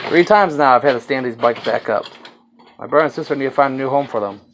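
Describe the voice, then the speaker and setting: A man's voice: mid-range voice, fast talker, a little hiss or hum. A man with a slight Southern accent filming a rambling, casual walkaround of his car project, swearing now and then.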